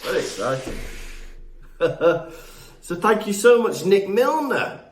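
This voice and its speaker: A man's voice: high-pitched, slow pace. Chatty man with an echoey sound. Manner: relaxed, chatty, with fillers. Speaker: podcast host. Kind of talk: casual podcast chat and announcements.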